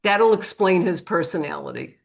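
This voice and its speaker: A middle-aged woman with a New England accent, telling a lively anecdote on a panel and acting out the voices in it. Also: lowish voice, moderate pace, gravelly. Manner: animated anecdote with acted-out quotes. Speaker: panel guest. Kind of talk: storytelling on a panel.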